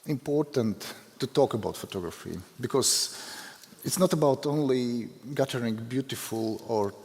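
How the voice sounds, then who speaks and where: Gravelly Latvian man in a big hall. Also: mid-range voice, darkish tone. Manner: halting, self-deprecating, many fillers. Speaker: photographer giving a conference talk. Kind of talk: unscripted conference presentation. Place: large hall. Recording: long hall reverb.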